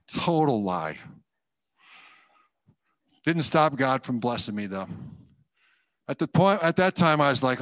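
Man telling a lively testimony sermon. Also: medium pitch, brisk, no room sound. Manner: animated storyteller acting out his own quoted thoughts, self-deprecating. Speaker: guest speaker giving testimony.

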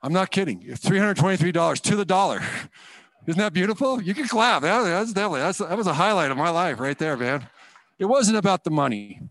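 A man giving a personal testimony in church, telling his story in an animated, self-deprecating way and acting out the thoughts he had. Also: high-pitched, brisk, dry recording. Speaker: guest speaker giving testimony.

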